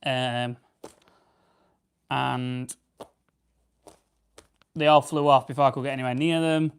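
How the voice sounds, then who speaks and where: South Yorkshire bloke, young, rambling livestream host, clear smooth voice, mid pitch. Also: male voice, steady tone, slow. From South Yorkshire, England. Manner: chatty, rambling, reads out viewer comments. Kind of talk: casual live-stream chat while plucking grouse.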